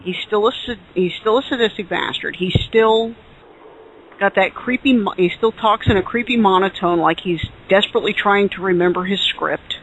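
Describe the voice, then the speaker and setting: A man's voice: high voice, moderate pace, fairly bright tone, a little hiss or hum, rough recording. A man co-hosting a casual podcast chat, opinionated and exasperated. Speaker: podcast co-host.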